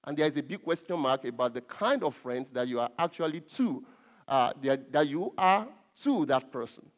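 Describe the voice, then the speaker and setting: A man's voice: medium pitch, expressive. A man preaching a sermon, stressing key words and often stopping on fillers and restarts. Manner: emphatic, drawn-out stresses with frequent fillers and restarts.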